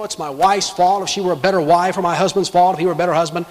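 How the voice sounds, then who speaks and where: A man preaching a sermon as pastor, emphatic and animated, acting out imagined objections from his listeners and God's replies to them. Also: high-pitched, fast talker, big-room sound, rough recording.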